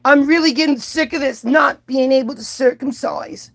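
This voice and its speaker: A man's voice: extremely high pitch, expressive, normal speed, creaky, pushed and bright, heavily acted. A man briefly voicing an ancient male priest in a whiny, complaining tone, inside a casual monologue.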